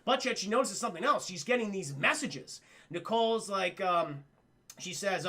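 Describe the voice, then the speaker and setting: A man hosting a livestream cartoon review, excitable and profane, who keeps talking to his chat. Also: high-pitched, moderate pace, gravelly. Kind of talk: casual livestream commentary.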